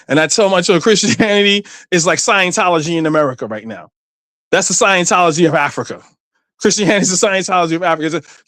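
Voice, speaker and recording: Guy on a panel, pretty high voice, lots of stops and restarts, dry close sound. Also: no echo. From Guyana. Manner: animated storytelling with many restarts. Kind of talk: casual panel discussion.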